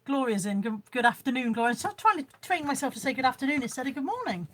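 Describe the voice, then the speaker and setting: A woman's voice: high voice, big pitch swings, quick pace. A woman chatting casually on a live stream at home, showing her haul and reading out viewer comments. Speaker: vlogger. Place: room at home.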